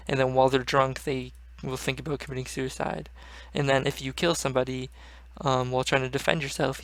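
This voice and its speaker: A man's voice: medium pitch, fairly bright tone, no echo. A young man hosting a gaming channel, rambling casually and swearing often. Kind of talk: casual gaming vlog chat.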